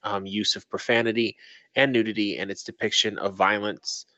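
Low-voiced young guy reading an article on a podcast, cussing asides, dull dry sound. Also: flat delivery, moderate pace, bright, forceful tone, no room sound. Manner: reads an article, breaks off into profane asides. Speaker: podcast co-host. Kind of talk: casual podcast, reading news aloud with commentary.

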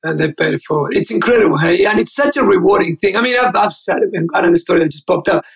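A man tells his stories at a fast clip. His voice sits high, with a heavy gravel and a husky edge. He is an animated interview guest who acts out every line of dialogue. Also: rough recording. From Australia. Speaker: interview guest, keynote speaker. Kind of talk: animated storytelling.

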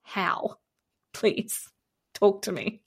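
A woman's voice: mid-range voice, steady tone, very slow, vocal fry, breathy edge. A woman co-hosting a podcast in casual chat, blunt and exasperated, swearing freely. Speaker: podcast co-host.

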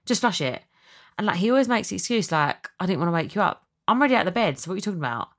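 A woman's voice: on the low side, sing-song, rapid-fire. Podcast lady just chatting, emotional, lots of likes and ums. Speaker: podcast host. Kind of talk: casual chat.

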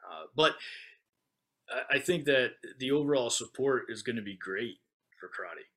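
A man's voice: mid-range voice, lively intonation, normal speed, sharp tone. An American man co-hosting a podcast, talking in an easygoing way about karate and laughing readily. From United States. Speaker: podcast co-host, karate teacher. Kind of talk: casual chat.

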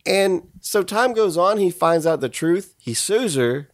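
Brief: male podcast host, crude and animated storyteller, mid pitch with big swings, dry sound. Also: unhurried, no room sound. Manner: loose, crude, swearing, animated. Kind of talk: profane comic storytelling.

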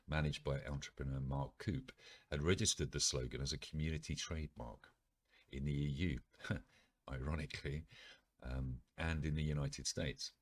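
A man with a very low, husky voice reads an article aloud. He keeps breaking off for wry asides, filling the gaps with ums and uhs. His delivery mixes steady reading with loose, offhand comments. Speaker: video presenter.

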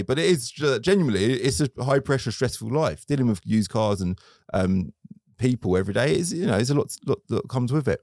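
A man's voice: medium pitch, lively intonation, a little fast, a little mellow, dry recording, studio quality. A man, a car dealer guest telling stories in casual interview chat, acting out his own quotes. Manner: chatty storytelling, acts out his own quotes.

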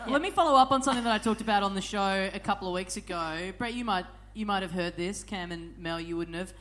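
Teasing podcast host. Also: male voice, high-pitched, quick pace, fairly bright tone, slight background noise. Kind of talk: live podcast banter.

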